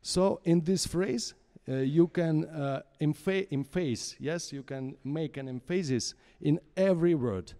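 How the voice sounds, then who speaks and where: Male conductor with a Russian accent coaching a singer, halting and unhurried, warm low tone, concert-hall reverb. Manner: halting English with many fillers. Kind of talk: opera masterclass coaching.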